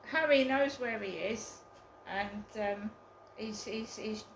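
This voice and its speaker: A woman's voice: mid-range voice, creaky, echoey room, a little hiss or hum, rough recording. A woman telling a story in a casual vlog, hesitant and full of ums. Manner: slow, hesitant, with many ums. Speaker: vlogger.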